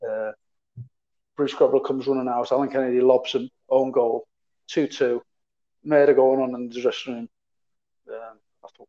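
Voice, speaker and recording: A man's voice: medium pitch, level tone, moderate pace, pauses often, mellow. A man, a former footballer, telling anecdotes in a casual, chatty way, often repeating words and trailing off. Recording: slightly dull lo-fi audio.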